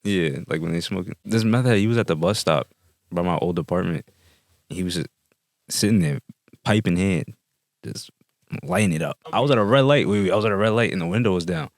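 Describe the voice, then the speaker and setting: A young man co-hosting a podcast, telling a story in casual chat in a halting, low-key way. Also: no room sound, clean studio sound. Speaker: podcast co-host.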